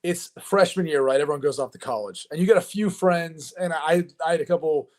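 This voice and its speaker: Male podcast co-host, slightly high voice, animated and chatty, lots of fillers. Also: fairly quick. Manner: animated storyteller with filler words. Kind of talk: casual sports chat.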